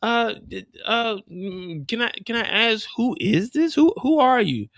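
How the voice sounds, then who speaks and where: A man's voice: animated, takes it slowly, gravelly, fairly bright tone, no room sound, clean studio sound, exaggerated voice. A man voicing a startled, suspicious woman answering her door, flustered and stammering. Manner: flustered, stammering, raised pitch.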